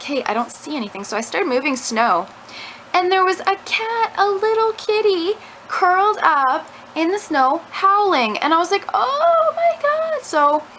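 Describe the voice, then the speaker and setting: A woman's voice: on the high side, sharp tone, slight background noise, low-quality recording. A young woman telling a rambling story to her camera at home, full of "like" fillers. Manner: chatty, rambling, lots of "like" fillers. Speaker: vlogger. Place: at home indoors. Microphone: camera mic.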